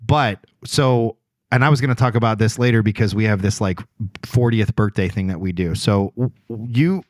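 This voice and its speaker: Ohio guy in his 40s hosting a podcast, lively storyteller, dry close mic. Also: on the low side, normal speed, no room sound. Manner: animated storyteller, laughs often. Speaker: podcast host. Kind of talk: casual chat. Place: podcast studio.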